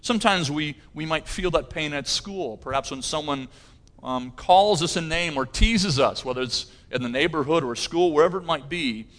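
A man's voice: fairly high pitch, moderate pace, a bit bright. A middle-aged pastor preaching a sermon, earnest, with his voice rising in intensity on key phrases.

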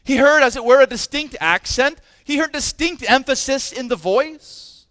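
A man's voice: very high voice, animated, moderate pace, fairly bright tone, no room sound. A man preaching a sermon as pastor, impassioned and emphatic, with many rhetorical questions.

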